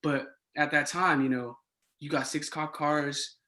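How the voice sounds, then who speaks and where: A young man spins a casual story as a podcast guest, his voice bright and edged. He sits a little higher than most men and jumps into excited bursts as he goes. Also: a little slow, slight background noise. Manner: animated, swings into excited quoted dialogue. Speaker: podcast guest, resident assistant.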